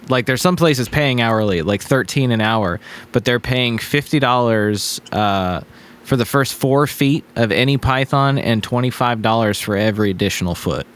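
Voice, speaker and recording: A man's voice: medium pitch, fairly bright tone. A man co-hosting a podcast, reading out facts he looked up and teasing dryly in a casual chat. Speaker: podcast co-host. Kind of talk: casual conversation.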